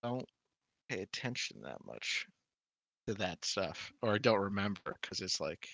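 A man co-hosting a podcast, answering quiz questions in casual chat, blunt and quick to swear and laugh. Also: sits low, sing-song, creaky, a bit bright, no room sound. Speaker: podcast co-host.

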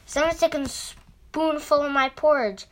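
An indignant father bear from a storybook, as a woman reads him aloud. He exclaims his complaints in a raised, fairly high voice. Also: fairly even intonation, moderate pace, a bit bright. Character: big roaring father bear. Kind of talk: storybook reading.

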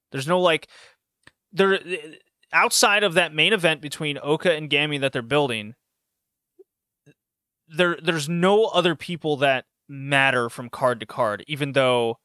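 A man hosting a casual podcast, animated and laughing often, with rambling asides. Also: fairly high pitch, smooth, dry recording, clean studio sound. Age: adult with a university degree. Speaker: podcast host reviewing wrestling shows. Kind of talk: casual chat.

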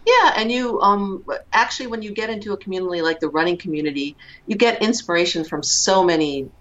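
A woman's voice: mid-range voice, brisk, fairly bright tone, lo-fi sound. A woman in her fifties, a guest in an interview, talking reflectively with many fillers and restarts. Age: 50s. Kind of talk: conversational interview.

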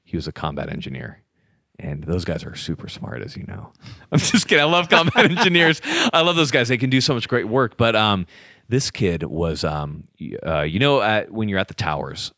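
Low-voiced man telling rowdy stories. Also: normal speed, creaky, no echo, clean studio sound. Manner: animated, profane, laughs often, acts out voices. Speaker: podcast guest telling army stories. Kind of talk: casual storytelling chat.

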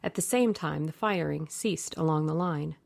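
A woman narrating a classic novel aloud in slow, measured storytelling. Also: low voice, creaky, a little mellow, no echo. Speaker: audiobook narrator.

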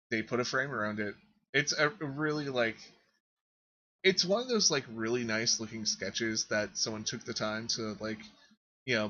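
A man runs a tabletop game, describing the scene in an easygoing way full of "uh"s and "like"s. His voice is bright and forward, though the mic sounds a little dull and lo-fi. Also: medium pitch. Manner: relaxed, filler-heavy description. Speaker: game master.

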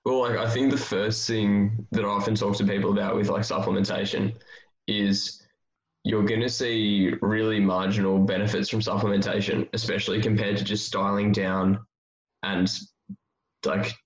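Low-voiced man chatting in an echoey room. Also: normal speed. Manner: relaxed, thinks aloud with many fillers. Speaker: strength coach. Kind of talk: casual podcast chat. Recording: roomy, dull-sounding audio.

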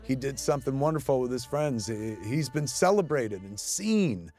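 A man gives a loose, casual commentary over his own film. He talks with excited energy, swears freely and stumbles into restarts. His voice sits at an ordinary pitch, with faint film music playing underneath. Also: normal speed. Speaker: filmmaker giving audio commentary.

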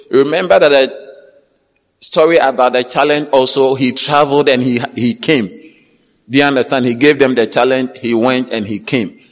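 A man's voice: medium pitch, steady tone, normal speed. A man preaching a sermon who halts and repeats words and checks that his listeners follow. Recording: long hall reverb.

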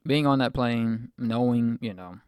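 A man's voice: mid-range voice, a little slow, darkish tone, clear, resonant tone, dry recording, studio quality. A man of twenty-four hosting a podcast, reflecting at length on a personal faith story in a rambling way, with fillers. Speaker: podcast host.

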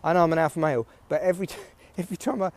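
A man's voice: a little high, racing. Rambling man, dry self-mockery. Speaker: podcast host. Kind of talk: solo comic monologue.

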